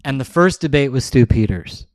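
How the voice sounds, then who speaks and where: A man's voice: medium pitch, lively intonation, moderate pace, darkish tone, no echo. Rambling male host, dry sound. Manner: rambling, restarts often, many "like"s. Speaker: show host. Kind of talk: casual rambling monologue.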